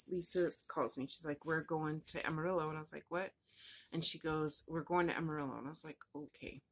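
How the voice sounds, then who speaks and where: A woman's voice: low-pitched, a little hiss or hum. A woman telling a personal story in a rambling, emotional way, her voice breaking at times. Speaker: vlogger.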